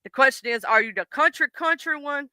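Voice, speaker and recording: Bright-voiced chatty Southern US woman. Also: high-pitched, brisk, no room sound. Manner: chatty, folksy, addresses viewers by name. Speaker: livestream host. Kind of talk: casual chat reading viewer comments.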